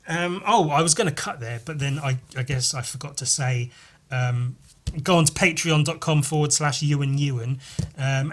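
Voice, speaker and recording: A man hosting a casual solo podcast as a comic artist, rambling and excitable, swearing a lot, jittery from too much caffeine. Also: mid-range voice. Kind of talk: casual solo podcast monologue while leafing through comics.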